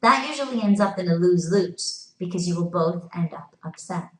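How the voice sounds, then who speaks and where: Woman teacher narrating a video lesson, instructive and clear, recorded in a reverberant room. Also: fairly low pitch, animated, normal speed. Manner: clear instructive classroom delivery. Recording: echoey room.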